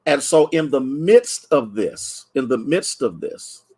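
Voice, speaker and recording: A man from Ohio preaching a midday Bible study to viewers online, in an even, mid-pitched voice. He talks in a loose, conversational way, greeting people by name and circling back over his own phrases. At times he is close to tears. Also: slow pace, slightly rough. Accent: Ohio, Midwestern American. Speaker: pastor. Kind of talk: livestreamed noon Bible study sermon.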